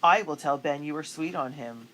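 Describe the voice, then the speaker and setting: A woman's voice: sits low, normal speed, fairly bright tone, slight background noise, rough recording. Woman reading as brave young girl, confident, cool, a bit raised, storybook. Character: bold, spirited young colonial girl.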